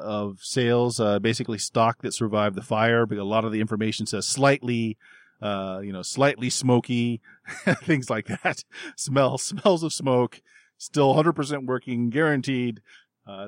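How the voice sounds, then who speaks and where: A man narrating as game master of a tabletop game, relaxed, with many fillers and chuckles. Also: medium pitch, a little slow, no echo, clean studio sound.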